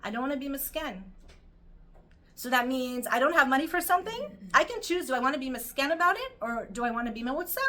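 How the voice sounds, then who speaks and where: Speaking quickly in a high voice with few breaks, a middle-aged Torah teacher gives her weekly talk. She tells her stories emotionally and with lots of energy, filling them with many fillers.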